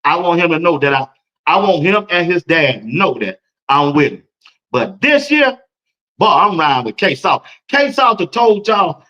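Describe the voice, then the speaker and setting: A man's voice: fairly high pitch, sing-song, measured pace, pushed and bright. A man hosting a sports talk show, talking in a casual, hyped-up way and laughing between points.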